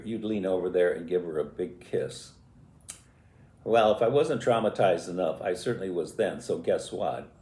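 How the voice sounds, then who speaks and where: A man in his eighties telling stories from his life in a halting, reflective and emotional way. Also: sits low, dark tone. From US Midwest. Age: 80s. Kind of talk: personal storytelling. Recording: echoey room.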